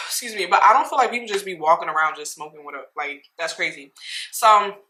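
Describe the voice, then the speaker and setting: A young woman from New Jersey telling a casual storytime, chatty and animated, laughing often and talking to viewers directly. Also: fairly low pitch, a little fast, echoey room, slight background noise, poor audio. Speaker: vlogger.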